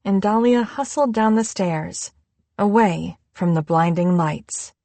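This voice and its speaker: A woman reading an audiobook in a measured, unhurried scripted narration. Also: mid-range voice, dark tone, no room sound.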